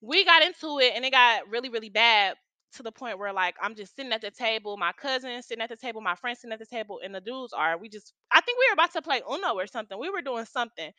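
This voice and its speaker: Bright, foul-mouthed young woman telling a story. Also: fairly high pitch, fast talker, no room sound. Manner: profane, slangy, animated storytelling. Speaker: storytime vlogger. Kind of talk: casual storytime chat.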